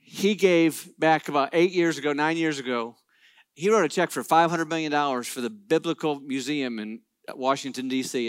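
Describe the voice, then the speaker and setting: Lively, higher-voiced man telling a faith story. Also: no echo. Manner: animated, acts out quoted dialogue, playful asides to the crowd. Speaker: Christian business speaker. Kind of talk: storytelling talk to a live audience.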